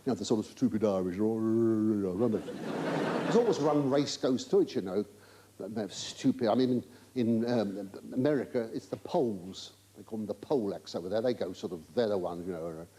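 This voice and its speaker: A man with a fairly low, mellow voice and a moderate pace does stand-up before a live audience on a large theatre stage. Chatty and teasing, he stammers through flustered side remarks and mock-indignant denials. Audience laughter and hiss can be heard on the live recording.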